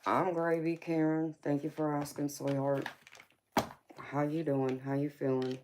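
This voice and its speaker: A woman's voice: sits low, flat delivery, measured pace, darkish tone, slight background noise. A woman, tired from little sleep, hosting a tarot livestream and talking affectionately with viewers, calling them honey and girlfriend. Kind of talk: casual livestream chat.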